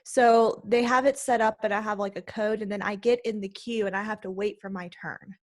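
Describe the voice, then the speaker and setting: A woman co-hosting a podcast, chatting casually in an excitable, talkative way. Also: mid-range voice. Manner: excitable, chatty, quick to laugh. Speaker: podcast co-host.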